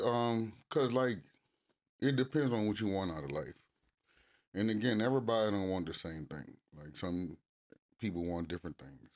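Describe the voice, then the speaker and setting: A man co-hosting a couples podcast, talking casually and cursing freely, getting loud and animated when he acts out arguments. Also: deep voice. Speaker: podcast co-host.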